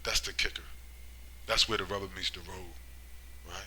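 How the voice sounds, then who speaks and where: Preaching man with a bright, forceful voice. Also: fairly even intonation, normal speed, a little hiss or hum, poor audio. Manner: rhetorical, keeps asking "right?" and "you see?"; swings between loud emphatic bursts and low muttering. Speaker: religious commentator. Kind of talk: preaching monologue.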